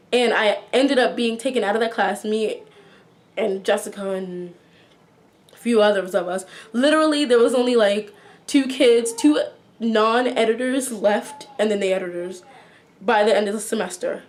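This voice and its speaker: A young woman vlogger recounts a school drama to her viewers in a casual, chatty storytime. Her voice sits slightly high, and she acts out what everyone said with lively asides. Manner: chatty, animated retelling with acted-out quotes. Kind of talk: storytime vlog.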